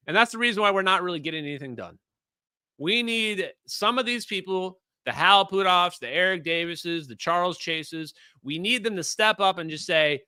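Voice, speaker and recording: A man hosts a livestream in a casual, animated way, chatting straight to his viewers. His voice is very bright and sits a little high for a man, and the recording is close and dry. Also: brisk, no echo. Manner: animated, conversational, addresses viewers as guys. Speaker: host.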